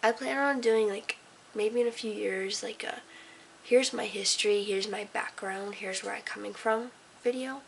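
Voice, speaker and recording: A woman's voice: medium pitch, steady tone, normal speed, vocal fry, a little hiss or hum, rough recording. A teenage girl vlogging casually in her room at night, rambling and sarcastic, dropping into whispers and then bursting with energy. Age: teens. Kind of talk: casual late-night talk to camera. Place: own room at night, lit by a desk lamp.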